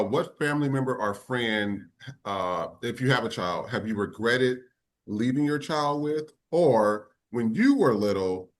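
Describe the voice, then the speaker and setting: A man hosting a podcast, telling a personal story in a casual way and repeating words for emphasis. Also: mid-range voice. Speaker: podcast host.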